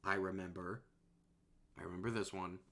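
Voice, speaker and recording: A man chats on a stream in a relaxed, rambling way, his voice sitting a little low. His sentences often drift and trail off softly as he thinks aloud. He sounds close to a desk microphone. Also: normal speed. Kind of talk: casual chat.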